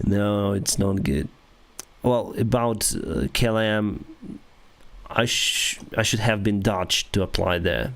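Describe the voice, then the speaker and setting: A man's voice: lowish voice, vocal fry. Ukrainian-accented man chatting on a live stream. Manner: halting non-native English with restarts and soft laughs. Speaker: airline pilot and live-stream host. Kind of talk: casual live-stream chat answering viewers.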